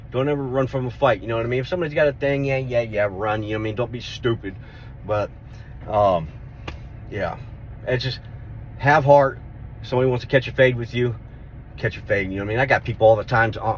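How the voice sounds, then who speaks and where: A middle-aged man telling a street fight story in a casual vlog, rough-spoken, swearing and repeating himself as he goes. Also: medium pitch. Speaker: vlogger.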